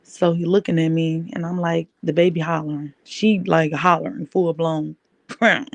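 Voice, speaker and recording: Gravelly-voiced woman telling her story. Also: low voice, steady tone, normal speed, dry recording. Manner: emphatic, repeats key phrases. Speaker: podcast host. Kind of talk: personal storytelling.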